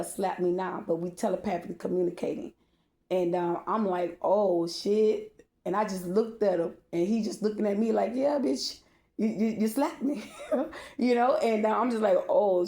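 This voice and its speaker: Candid woman with a mellow voice, echoey room. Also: medium pitch. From Baltimore. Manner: candid, profane, speaks straight to viewers. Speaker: storyteller. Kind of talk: emotional personal storytime.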